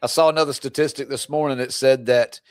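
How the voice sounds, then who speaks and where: Speaking quickly in a mid-range voice with fairly even intonation, a divorce coach gives a live stream pep talk that's blunt, preachy and fired up, teasing his viewers along the way. The tone is clean, with no echo.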